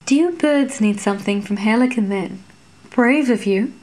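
A woman voicing a sly, seductive female fairy with a forked tongue, speaking in a honeyed, mocking, drawn-out way. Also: a little high, darkish tone, lightly acted. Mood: mocking sweet.

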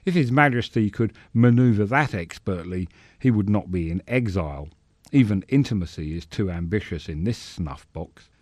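A man reading a story aloud in a measured, dryly sardonic manner. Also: on the low side, expressive, darkish tone, no room sound, studio quality. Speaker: narrator. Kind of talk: scripted narration.

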